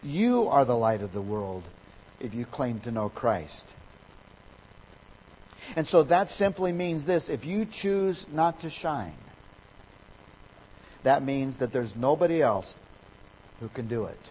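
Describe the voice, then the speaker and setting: A man preaching a sermon as a pastor, emphatic, his voice swelling louder on key words. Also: medium pitch, animated, slow, long pauses, breathy edge, poor audio.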